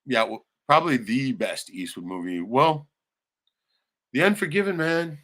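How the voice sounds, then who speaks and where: Man, livestream host, swears a lot, rambling, lively swinging pitch, bright edge. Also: a little slow. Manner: profane, rambling, swings loud and excited. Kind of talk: casual livestream chat.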